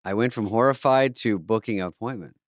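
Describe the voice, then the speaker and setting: A man's voice: on the low side, brisk, no echo. A man co-hosting a podcast in casual comedic chat, a wry storyteller who swears freely. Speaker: podcast co-host.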